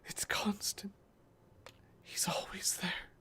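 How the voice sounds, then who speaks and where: A man doing a hushed, sorrowful woman. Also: slow, in a whisper. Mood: sad, hushed. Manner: hushed, pleading. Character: sorrowful woman, quiet and resolute.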